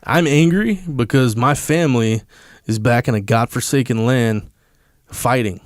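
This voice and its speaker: A man's voice: mid-range voice, unhurried, no room sound, clean studio sound. A man, a podcast guest, telling a story in a casual, blunt and emphatic way, swearing freely.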